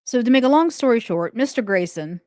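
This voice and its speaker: Indignant and chatty, this true crime commentary host thinks out loud as she goes. Her voice is a little high and a little mellow, brisk with lively intonation, captured in a dry, studio-quality recording.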